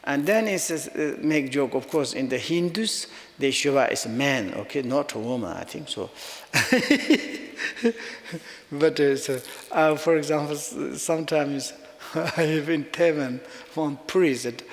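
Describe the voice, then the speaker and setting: Slow-spoken man teaching in a reverberant hall. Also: a little high, lively intonation. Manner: non-native English, halting phrasing, chuckles while telling jokes. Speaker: Buddhist teacher. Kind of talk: dharma teaching talk.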